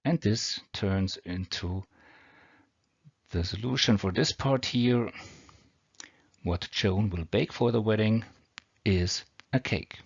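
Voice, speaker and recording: A man's voice: on the low side, takes it slowly, gravelly, long pauses, breathy edge, no room sound. A man teaching English grammar with a non-native accent, explaining patiently step by step. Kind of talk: explaining grammar over slides. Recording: dull lo-fi homemade audio.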